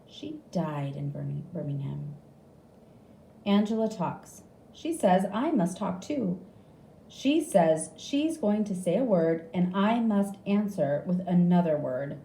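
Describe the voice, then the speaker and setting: Slow, expressive woman reading a story. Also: lowish voice, a little hiss or hum. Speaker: reader. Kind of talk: graded reader audiobook narration. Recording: echoey room with faint ambience.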